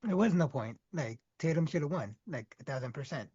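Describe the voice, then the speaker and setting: A man's voice: a little high, animated, brisk, dark tone, slightly rough, dry recording, dull audio. A man co-hosting a casual podcast chat, answering in short, laid-back, agreeing replies. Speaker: podcast co-host. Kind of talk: casual wrestling review chat.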